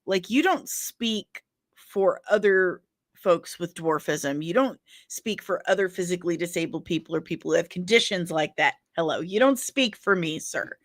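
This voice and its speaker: A woman's voice: lowish voice, expressive, moderate pace, no echo, studio quality. A woman chatting casually and candidly on a livestream, rambling, laughing often and apologizing in asides.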